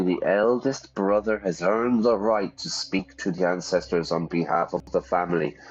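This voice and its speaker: A low-voiced man reads a story game aloud, stopping to chat and ask his viewers what he should choose. His delivery is casual and talkative. The recording is a little dull, with faint music running underneath. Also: darkish tone. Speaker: streamer and English teacher. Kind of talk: live game stream, reading aloud.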